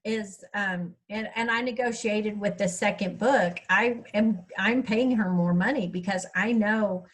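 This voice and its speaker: In casual, wandering talk about her audiobook, a middle-aged author addresses a writers' workshop by video call. Her mid-range voice moves at a measured pace, and the recording is rough.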